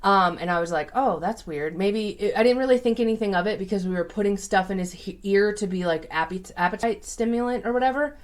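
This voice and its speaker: Woman, casual storytelling, chatty, lots of fillers, average pitch. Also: a little fast, few pauses. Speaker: psychic and tarot reader.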